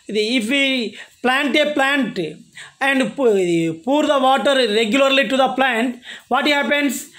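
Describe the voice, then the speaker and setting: A male college lecturer, explaining a poem to his class in a halting, repetitive way and asking himself questions before answering them. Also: very high voice, fairly bright tone. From India. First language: Telugu.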